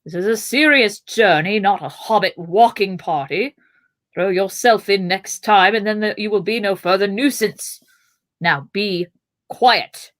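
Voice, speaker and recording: A woman's voice: lowish voice, unhurried, lightly acted. A woman growling as a stern old wizard. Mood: angry. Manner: commanding, growling.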